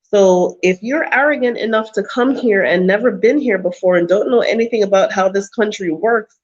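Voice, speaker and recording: A woman's voice: medium pitch, normal speed, highs cut off. A woman vlogger giving blunt advice to her viewers on a live chat stream. She talks in an emphatic, preachy way and repeats lines for stress. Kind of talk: casual livestream advice talk.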